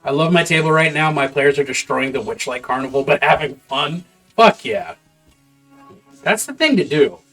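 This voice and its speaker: Thinking out loud while preparing a campaign on a live stream, a man acting as game master mutters half-finished notes and swears offhandedly. His voice is fairly high and a bit bright, at normal speed, over faint background music.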